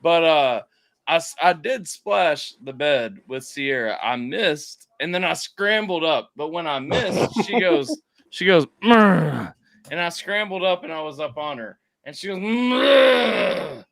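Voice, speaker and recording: A young man hosting a casual livestream, telling a story with excited, loud bursts. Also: fairly high pitch, measured pace. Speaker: stream host.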